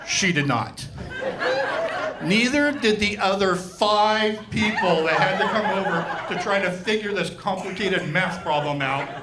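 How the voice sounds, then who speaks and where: A man doing stand-up comedy at a live venue, telling a story in an exasperated, sardonic way. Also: a little high. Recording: live show recording, room noise.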